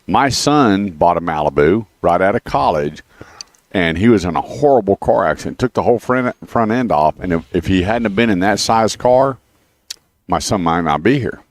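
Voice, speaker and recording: A man's voice: deep voice, lively intonation, normal speed, dry recording. A man hosting a radio show, chatting casually and telling stories between plugs. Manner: chatty storyteller, repeats the phone number. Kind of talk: casual radio chat with car dealer plugs. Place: radio studio.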